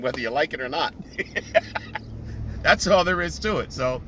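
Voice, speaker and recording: A man's voice: on the high side, lively intonation, a little slow, pushed and bright. A man chatting casually while driving in traffic, laughing and telling stories with quoted voices. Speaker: vlogger. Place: car in traffic. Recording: car and road noise. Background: traffic noise.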